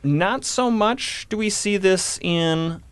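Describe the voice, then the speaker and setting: A man's voice: high-pitched, slow pace, clean tone, no room sound. A man talking casually on a podcast, explaining history and reading from old newspaper accounts. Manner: explanatory, reads from old newspapers, some fillers. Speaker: guest historian. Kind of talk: podcast conversation.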